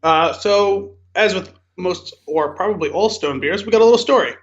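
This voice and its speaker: A man's voice: high voice, normal speed. A man co-hosting a casual movie podcast, a bit flustered and self-deprecating. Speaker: podcast co-host. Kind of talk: casual chat, reading a beer label aloud. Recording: dull lo-fi podcast mic.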